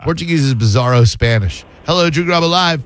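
A man's voice: a little high, expressive, fast talker, slight background noise. A man hosting a call-in radio talk show, bantering in a loose, jokey, slangy way. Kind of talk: casual call-in radio chat.

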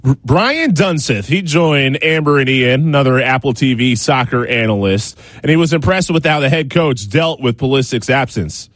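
A male sports anchor reads his scripted lines in a brisk, measured way. His voice is middle-pitched and recorded dry and close, with no room sound. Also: expressive, dry recording. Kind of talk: scripted news reading.

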